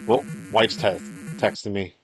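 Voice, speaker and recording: A man's voice: on the low side, fairly even intonation, a little slow, over music. A man, a solo game developer, chatting casually over gameplay in a rambling way, restarting his sentences and sighing often. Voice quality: rambling, with frequent restarts and sighs.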